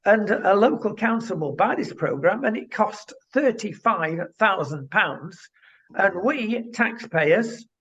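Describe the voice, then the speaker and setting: A man's voice: high voice, lively intonation, takes it slowly, a bit bright, slightly rough. A man co-hosting a talk show who speaks indignantly and addresses the viewer directly. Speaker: co-host. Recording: dull lo-fi sound.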